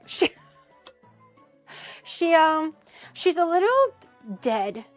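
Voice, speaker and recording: A woman's voice: very high-pitched, sing-song, drawn-out words, faint music behind. A young woman from Canada, chatting animatedly as she cooks on her stream, laughing often and swearing casually. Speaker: streamer hosting a cooking collab. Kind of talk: casual chat while cooking.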